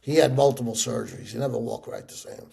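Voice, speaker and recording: A middle-aged man in a sit-down interview, telling stories with lively acted-out voices. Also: mid-range voice, fast, vocal fry. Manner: animated storyteller acting out quoted voices. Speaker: interview guest.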